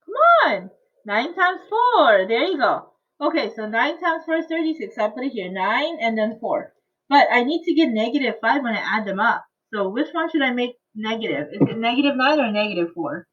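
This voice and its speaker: Over tinny, phone-like video call audio, a woman math teacher quizzes and coaxes her online students, laughing frequently. Her voice is fairly high and fairly bright, with big pitch swings at a normal speed.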